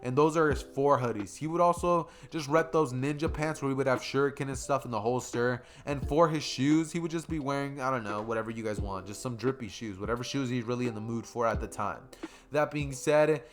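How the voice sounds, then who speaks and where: A man's voice: medium pitch, a little fast. A young man casually retelling his own fan story, rambling, slangy and correcting himself as he goes.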